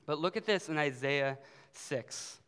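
A man's voice: fairly high pitch, unhurried, a bit bright, clear, resonant tone. Youth pastor man preaching in reverberant hall. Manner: casual, conversational preaching with fillers. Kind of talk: sermon.

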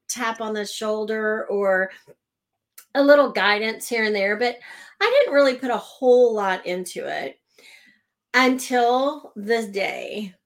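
Middle-aged woman guest, animated storyteller, slightly high voice, laughs as she talks. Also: low-quality recording. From Oklahoma. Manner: animated, laughs between lines, acts out quoted voices. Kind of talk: personal storytelling in conversation.

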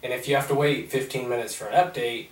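A man's voice: mid-range voice, quick pace. Young guy rambling thru a story on a podcast, mic kinda far off. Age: young adult. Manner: rambling, animated retelling. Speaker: podcast host. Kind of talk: casual storytelling. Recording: roomy, mic at a distance.

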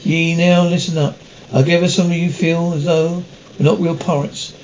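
An actor playing a mild, genteel pirate captain who talks in an earnest, overly polite way. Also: male voice, fairly high pitch, level tone, moderate pace, darkish tone, highs cut off, slight background noise, lightly acted. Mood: rallying. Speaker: ship's captain. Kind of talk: comedy TV series acting.

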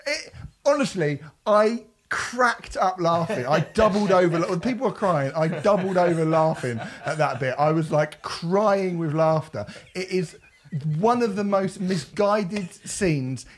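A man chatting casually as a podcast co-host, animated and often laughing as he acts out scenes. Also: high-pitched, measured pace. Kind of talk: casual film review chat.

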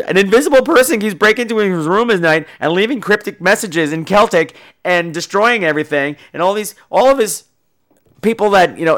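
Brief: male podcast host, high voice that swings wildly, sarcastic profane movie rant. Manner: animated, sarcastic, acts out characters.

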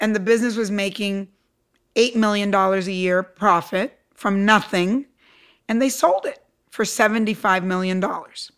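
A woman's voice: mid-range voice, clear, resonant tone. A middle-aged woman from Cuba, an entrepreneur guest, telling her story with emphatic energy in a podcast interview. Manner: animated, emphatic, acts out quotes.

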